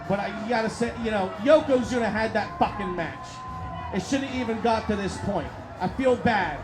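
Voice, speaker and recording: A man hosting a live stream and commentating wrestling in an excitable, profane way that hollers at the action. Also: high voice, moderate pace, shouting. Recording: crowd noise and music behind.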